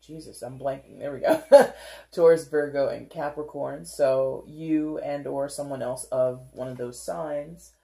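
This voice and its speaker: A woman's voice: rumbling low, fairly even intonation, measured pace, gravelly, warm tone. A woman giving a casual tarot reading, rambling and chatty, with many fillers and frequent giggles. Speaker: tarot reader.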